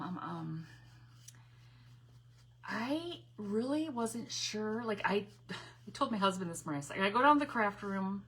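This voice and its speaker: A woman's voice: medium pitch, bright, forceful tone, husky. A middle-aged woman chatting casually with her viewers during a live craft stream from her home craft room, laughing often and greeting people by name.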